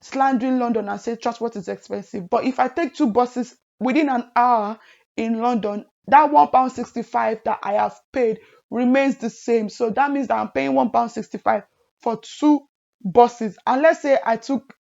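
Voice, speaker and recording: A young woman from Nigeria chatting casually to her viewers in a lively, teasing way. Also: a little high, normal speed, creaky. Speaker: vlogger. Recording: muffled lo-fi audio.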